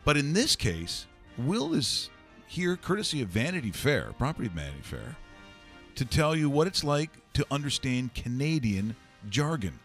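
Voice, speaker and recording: A man's voice: medium pitch, very animated, moderate pace, a bit bright, soft background music. A man hosting a casual sports talk show, chatty and wry as he sets up a segment. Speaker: host. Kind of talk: casual sports radio banter.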